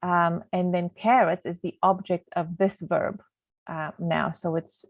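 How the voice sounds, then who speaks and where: A woman's voice: on the low side, fairly even intonation, a little slow, no echo. Woman teaching grammar over a tinny line. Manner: chatty, loses her thread, many ums. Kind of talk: grammar lesson over slides. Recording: tinny phone-like, dry sound.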